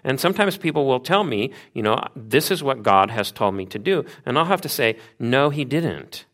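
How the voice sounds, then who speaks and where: A man's voice: mid-range voice, expressive, a little fast, a bit bright. A man preaching a sermon in an earnest, conversational way, repeating phrases for emphasis. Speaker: pastor.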